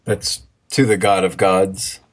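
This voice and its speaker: A man's voice: sits low, level tone, takes it slowly. A man studying a Hebrew text, answering hesitantly and joking about himself. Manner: hesitant, easygoing, self-deprecating. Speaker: student. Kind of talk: casual study chat.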